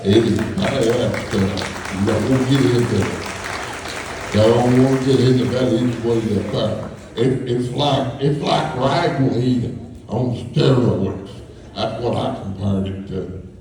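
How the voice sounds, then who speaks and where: A man's voice: medium pitch, slow, crowd noise. A man telling folksy, rambling stories to a live audience, chuckling as he goes. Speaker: storyteller. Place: school hall with a live audience. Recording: echoey hall from far off, faint hum.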